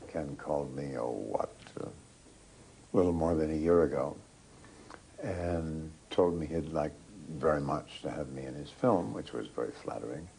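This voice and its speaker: A man telling an anecdote in an interview in a dry, unhurried way. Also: very deep voice, vocal fry, dark tone, slight background noise, poor audio. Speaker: actor interviewed.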